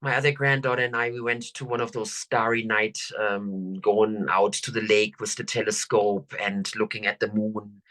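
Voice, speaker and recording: A woman's voice: very deep voice, a bit bright. Soothing older woman coach. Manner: slow, soothing, drawn-out phrasing. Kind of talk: guided affirmation talk.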